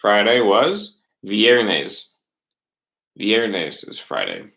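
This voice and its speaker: A man teaching a middle school class over a webcam, patient, repeating words slowly and checking in with "right?" and "okay?". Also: fairly low pitch, very animated, creaky, sharp tone, slight background noise, rough recording. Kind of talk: recorded online class lesson.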